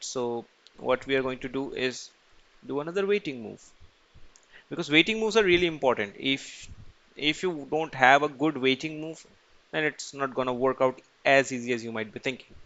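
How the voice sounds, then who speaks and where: A man's voice: medium pitch, a bit bright, highs cut off. A man teaching chess in a casual screen-recorded tutorial, asking and answering his own questions as he goes.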